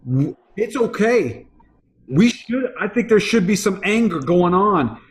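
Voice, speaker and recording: Reflective high-voiced man. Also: sing-song, measured pace. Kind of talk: casual discussion.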